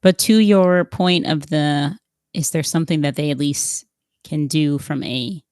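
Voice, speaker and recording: A woman's voice: sits low, a little slow, a little mellow, no echo, studio quality. A woman co-hosting a podcast, explaining things carefully and steering the talk with questions to her partner. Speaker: podcast co-host.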